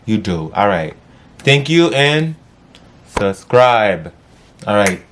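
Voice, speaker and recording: A man vlogging, wrapping up a story time in a casual, cursing way with sudden high yelps. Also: very animated, takes it slowly, fairly bright tone. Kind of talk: story time, then sign-off.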